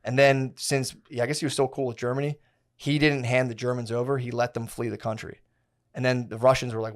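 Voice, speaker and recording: Young male podcast co-host, mid-pitched voice, casual and profane, loose storyteller full of fillers. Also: steady tone, fairly quick. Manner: rambling, profane, slangy storytelling with many fillers.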